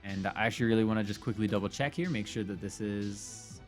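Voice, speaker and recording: A man co-hosting a podcast, running a word game in a playful, teasing, quick way. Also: on the low side, a little mellow, faint music behind. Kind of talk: casual podcast chat.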